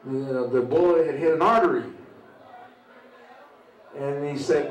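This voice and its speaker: Older male veteran, mid-pitched voice, talking off the cuff at an open mic with lots of "you know"s, heard from across a roomy space. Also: darkish tone. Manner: conversational, halting, with frequent "you know" tags. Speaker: veteran speaker. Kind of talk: personal storytelling at an open mic. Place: open mic at a small venue. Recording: roomy sound from a distant mic.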